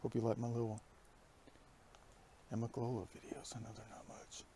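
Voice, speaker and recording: A man vlogging outdoors on a foggy hillside, talking in a hushed, often half-whispered, reflective way into a phone headset mic. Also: mid-range voice, level tone, normal speed, a little hiss or hum. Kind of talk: musing outdoor vlog. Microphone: iPhone with plugged-in headset.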